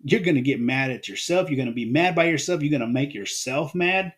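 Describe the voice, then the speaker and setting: A man's voice: fairly high pitch, brisk. A man hosting an unscripted solo podcast, talking in a rambling way and often restarting his phrases. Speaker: podcast host.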